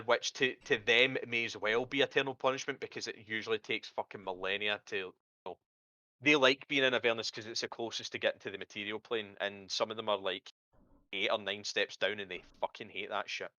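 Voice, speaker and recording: A man's voice: on the low side, steady tone, fairly quick, bright, forceful tone, no echo, highs cut off. A man narrating as game master of a tabletop game, rambling with hesitations and casual swearing.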